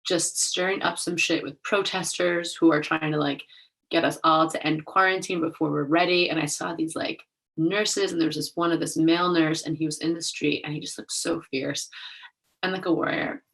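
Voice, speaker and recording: Young woman host, low voice, chatty and rambly, says like a lot, gets emotional. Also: steady tone, normal speed, creaky, fairly bright tone. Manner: chatty, rambling, heavy use of "like"; openly emotional, laughs at herself. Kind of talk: casual solo show chat.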